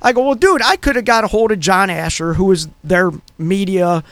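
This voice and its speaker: A man with a high voice co-hosts a radio talk show and rambles through his stories, full of filler words. The sound is dry and close. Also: moderate pace, fairly bright tone, no room sound. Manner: rambling storyteller, many fillers. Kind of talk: casual chat.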